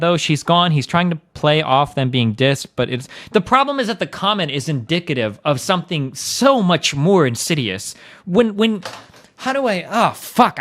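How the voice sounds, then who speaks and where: A man's voice: on the high side, fairly bright tone. A young man streaming, ranting and arguing in a profane, heated, casual way. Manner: profane, fast, argumentative.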